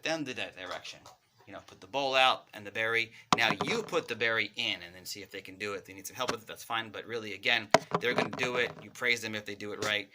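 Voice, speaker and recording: A man's voice: medium pitch, a little hiss or hum. A man who works as a speech pathologist, giving parents a casual, friendly lesson and acting out playtime with toys. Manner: friendly, animated demonstrations with toys. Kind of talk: casual instructional talk to parents.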